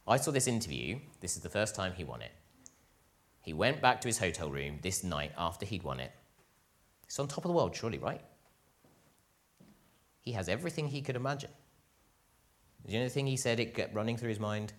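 Male preacher, lower voice, very lively swings between loud emphasis and quiet asides. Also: brisk, pauses often. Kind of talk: sermon.

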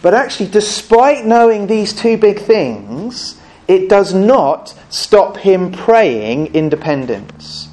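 A man's voice: high-pitched, very animated, slow pace, a little mellow. A man preaching a sermon in church, conversational and earnest, often putting questions to the congregation.

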